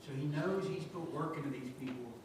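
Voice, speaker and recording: A man in a Bible study class sharing a quiet, reflective comment. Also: fairly high pitch, fairly quick. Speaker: class participant. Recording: far from mic, very echoey, noise.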